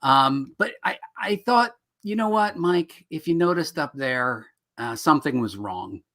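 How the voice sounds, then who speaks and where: A man's voice: fairly high pitch, animated, unhurried, a bit bright. Chatty, rambling male co-host. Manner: jokey, rambling, lots of fillers. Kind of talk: casual live-stream chat.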